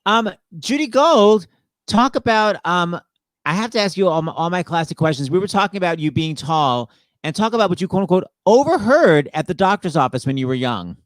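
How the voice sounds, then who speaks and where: A man's voice: sits high, big pitch swings, brisk, dry recording. A man hosting a show who introduces guests in a gushing, enthusiastic, casual way. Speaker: host. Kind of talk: casual chat.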